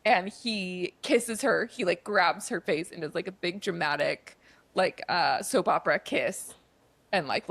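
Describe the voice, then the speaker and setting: A woman's voice: fairly low pitch, gravelly, a bit bright, dry recording. A young adult woman co-hosting a podcast, recapping a film in chatty, casual talk packed with "like" fillers. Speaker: podcast co-host.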